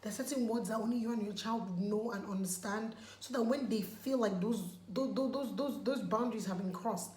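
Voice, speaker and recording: Taking off her makeup on camera, a vlogger from Nigeria chats casually, pleading emphatically and repeating words for emphasis. She speaks briskly with few pauses, in a mellow voice pitched on the high side. There's echo in the room and some faint background noise.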